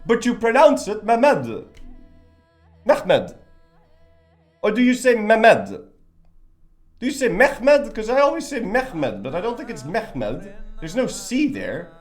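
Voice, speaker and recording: A man's voice: sits high, big pitch swings, slow pace, long pauses, faint music behind. A young man casually chatting while live-streaming a strategy game, rambling and joking and swearing freely.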